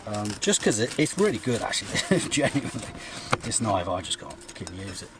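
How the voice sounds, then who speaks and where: A man's voice: lowish voice, sing-song, brisk, background noise. A man chatting while he cooks pasta at a forest car camp, joking at his own expense and rambling with the odd swear. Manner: self-mocking, rambling, swears lightly. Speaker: vlogger. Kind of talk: casual talk while cooking. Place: forest campsite by a car, outdoors.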